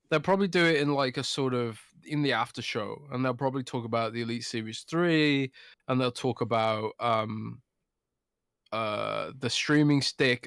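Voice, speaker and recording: A man's voice: medium pitch, a bit bright, no echo, clean studio sound. Drunk, sweary man on a podcast. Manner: loose, rambling and sweary. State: drunk, slurring words. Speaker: podcast co-host. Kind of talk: casual podcast chat.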